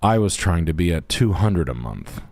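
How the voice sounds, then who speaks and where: A brash man with a low, steady voice, trading crude jokes on a podcast. He talks loosely and profanely, like he is riffing with a friend. His delivery is blunt and unfiltered. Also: moderate pace. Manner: brash, profane, puts on voices while telling stories. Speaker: podcast host. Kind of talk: crude comedic podcast chat.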